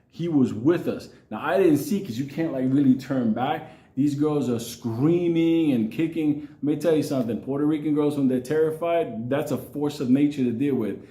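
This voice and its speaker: A man's voice: medium pitch, warm tone. A man telling a wild story, swearing constantly and laughing through his lines. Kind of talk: profane comic storytelling. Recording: echoey room.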